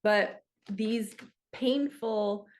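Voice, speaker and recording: A woman's voice: medium pitch, very slow, darkish tone. A woman hosting her own channel as a spiritual coach, speaking to camera in a casual, earnest and reflective way, with frequent fillers. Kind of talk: casual heartfelt talk to camera.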